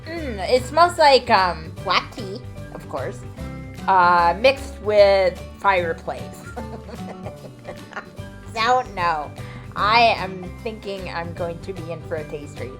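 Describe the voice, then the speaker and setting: A woman vlogger talking casually to camera, chatty and playful, laughing often and drifting into soft asides. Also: medium pitch, animated, slow, music in the background.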